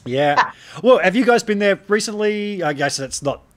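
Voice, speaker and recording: Male host, middle-aged, a bit high-pitched, easygoing storyteller. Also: lively intonation, moderate pace, a loud crowd. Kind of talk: casual podcast chat.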